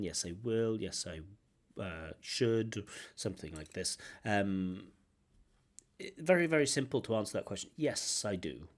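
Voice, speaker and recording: A man giving feedback as a language-test examiner, explaining points in an animated way and humming out intonation patterns. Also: fairly low pitch. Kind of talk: commentary on a recorded test.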